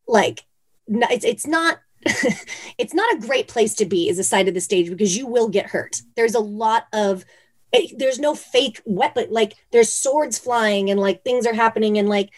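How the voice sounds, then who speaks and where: A woman from Phoenix, a former dancer, telling stories as a guest in a casual interview, with lots of "like" and "you know". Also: medium pitch. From Phoenix, Arizona. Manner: chatty, many "like" and "you know" fillers, animated retellings.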